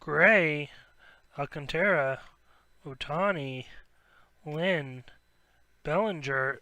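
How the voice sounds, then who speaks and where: Excitable card-break host, bright high voice. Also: male voice, slow pace, pauses often, dry recording. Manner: rattles off player names, bursts into excited shouts at big pulls. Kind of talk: live sports card break commentary.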